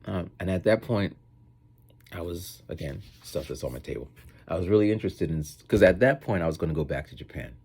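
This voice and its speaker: Deep husky guy vlogging, rambly, voice jumps all over when he tells stories. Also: a little fast. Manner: rambling, animated, acts out quoted voices. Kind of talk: casual storytelling monologue.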